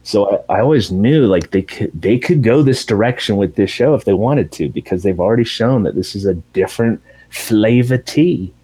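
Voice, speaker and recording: A man with a very low, dark and husky voice, retelling a TV finale in loose, casual chat. He swears freely and slips into raised voices when quoting the characters. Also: normal speed, few pauses, low-quality recording. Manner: animated storytelling with profanity, acting out characters in raised voices.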